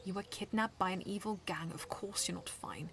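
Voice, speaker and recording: A woman voicing a smug, protective masked male phantom thief in a low, hushed, half-whispered voice. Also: normal speed, a little hiss or hum. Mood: tender.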